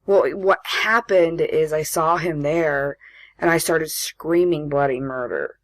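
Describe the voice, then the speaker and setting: Brief: woman, late twenties, low voice, dry close sound, animated casual storyteller. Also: slow pace, no echo. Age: late 20s. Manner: chatty, laughs often, acts out voices in her stories. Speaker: podcast co-host.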